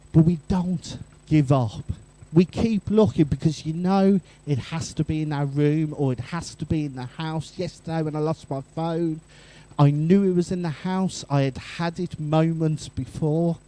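Man, pastor's sermon, mellow voice, slightly high pitch, lively asides. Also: low-quality recording. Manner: lively storytelling with asides to the congregation. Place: church.

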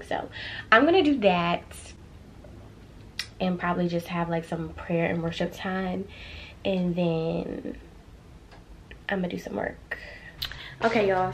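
A woman's voice: on the low side, slight background noise, poor audio. A woman in a casual vlog, talking chattily to her viewers and rambling through her plans. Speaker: vlogger. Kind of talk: casual vlog chat to camera.

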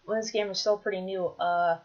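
A woman commentating her own gameplay, chatty, bursting into excited shouts when things go wrong. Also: medium pitch, brisk, lo-fi sound. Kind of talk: Minecraft let's play commentary.

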